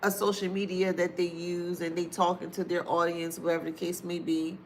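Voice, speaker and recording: A woman's voice: on the low side, flat delivery, slight background noise. A woman giving a casual spiritual reading to her viewers, chatty and informal, repeating phrases for emphasis. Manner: chatty and informal, with drawn-out asides and frequent laughs. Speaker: astrology or tarot reader.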